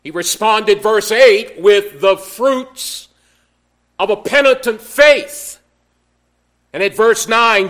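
A man preaching a sermon in a slow, measured way, with emphatic rises on key words. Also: high voice, bright, forceful tone. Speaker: pastor.

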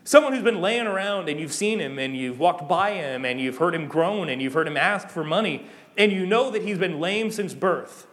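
A young man preaching a sermon in a lively, conversational way, rising to emphatic peaks. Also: high voice, normal speed. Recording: long hall reverb.

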